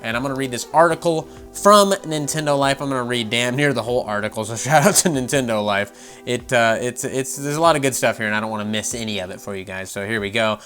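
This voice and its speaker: A man's voice: medium pitch, fast talker, a bit bright, soft background music. A man giving casual, sarcastic commentary on gaming news, swearing freely and laughing often.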